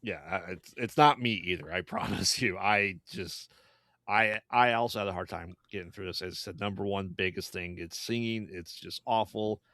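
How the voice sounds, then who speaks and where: A man's voice: low-pitched, moderate pace, fairly bright tone, no echo, studio quality. A man co-hosting a podcast, chatting casually about a movie, laid-back and laughing often. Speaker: podcast co-host. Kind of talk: casual movie review chat.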